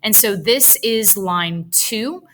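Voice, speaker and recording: A woman teaching a writing lesson, thinking aloud as she slowly drafts a paragraph sentence by sentence. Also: mid-range voice, fairly bright tone, rough recording.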